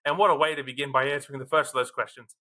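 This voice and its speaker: A man's voice: mid-range voice, steady tone, rapid-fire, sharp tone. A man hosting a sports podcast, reading jokey opening questions and chatting casually over a video call. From Australia. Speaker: podcast host.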